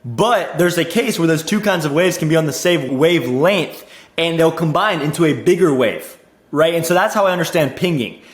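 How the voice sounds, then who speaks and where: A young man coaching on sales in a casual teaching monologue, energetic, repeating himself and saying "like" and "dude" a lot. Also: a little high, moderate pace, roomy sound. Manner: energetic, repeats words, says "dude" and "like" often.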